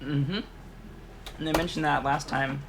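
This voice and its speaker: Easygoing young man with a higher voice. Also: steady tone, a little slow, background noise. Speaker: game player. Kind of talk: casual let's-play chat.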